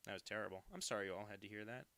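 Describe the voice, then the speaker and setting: Gravelly-voiced American man chatting on stream. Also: lowish voice, fairly even intonation, rapid-fire, pushed and bright. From United States. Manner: self-deprecating, rambling. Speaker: cartoonist streamer. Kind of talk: casual live-stream chat while drawing.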